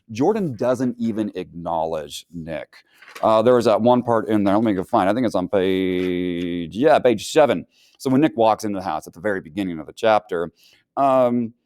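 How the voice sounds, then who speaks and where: A man teaching a casual book review lesson, animated and acting out characters' lines. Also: fairly low pitch, no echo, clean studio sound.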